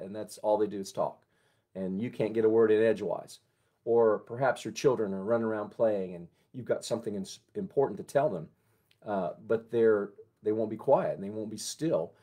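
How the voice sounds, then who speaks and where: A man who is a pastor, giving a conversational morning devotion and prayer in a gentle, unhurried way. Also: on the low side, slightly rough.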